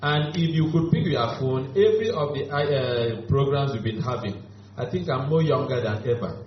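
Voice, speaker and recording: A man's voice: medium pitch, animated, moderate pace, slight background noise. Playful man in echoey room. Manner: playful, exaggerating, upbeat. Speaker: beneficiary giving testimony. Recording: echoey room, dull lo-fi audio.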